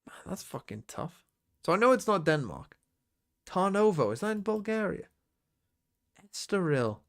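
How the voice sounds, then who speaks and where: A man's voice: sits high, sing-song, normal speed. A man streaming, thinking aloud and swearing as he works through a quiz game on his own. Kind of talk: casual muttering while playing a quiz game.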